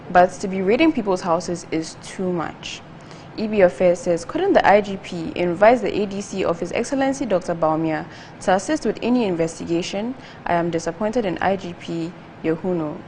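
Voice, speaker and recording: A woman, co-hosting a TV talk show and reading viewer text messages aloud in a steady, measured way. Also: on the low side, slight background noise. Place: TV studio.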